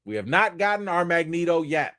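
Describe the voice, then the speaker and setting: Animated man hosting a livestream. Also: a little high, fairly quick, dry recording, studio quality. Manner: emphatic, animated, repeats points for effect. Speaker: livestream host. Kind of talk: casual commentary livestream.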